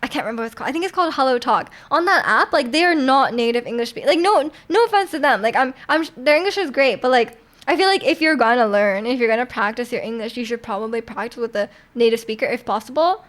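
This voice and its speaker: Young woman, high voice, from canada, rambling stream chat, desk mic. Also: lively intonation, fast talker, fairly bright tone. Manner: rambling, many "like" fillers and laughs. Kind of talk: casual chat with viewers.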